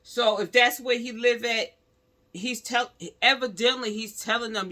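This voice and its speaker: A man's voice: extremely high pitch, moderate pace, bright, forceful tone. A man giving casual spoken commentary to his viewers, talkative and calling them y'all. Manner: talkative, addresses viewers as y'all, growing heated. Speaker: vlogger.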